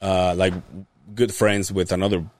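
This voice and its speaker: A man's voice: deep voice, normal speed. A man hosting a podcast in casual chat, telling stories animatedly with plenty of swearing and mimicked voices. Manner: animated storyteller who swears often and mimics other people's voices. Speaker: podcast host.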